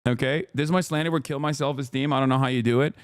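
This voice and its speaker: A man's voice: medium pitch, fairly even intonation, very fast, clean tone, dry recording, studio quality. A man streaming live, reacting to clips with sarcastic, mock-outraged asides and rambling restarts. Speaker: political streamer.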